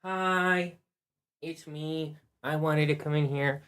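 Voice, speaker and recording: A man voicing his pet cat as a small, sweet female house cat greeting viewers in a hushed, cutesy way. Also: fairly high pitch, fairly even intonation, takes it slowly, voice pushed up.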